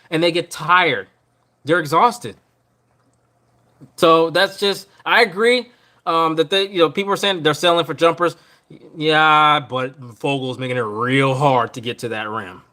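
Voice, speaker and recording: A man with a high, bright voice rants on his podcast stream about a coach he can't stand. His delivery is rambling and exasperated, full of repeats and half-finished thoughts as he vents. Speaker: podcast host. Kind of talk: ranting live stream sports talk.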